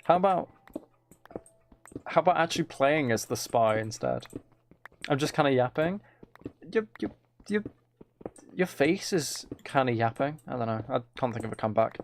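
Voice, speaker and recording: A man's voice: mid-range voice, expressive, moderate pace, a little hiss or hum. A man chatting casually with his live-stream audience while he plays a game, rambling, joking and teasing viewers.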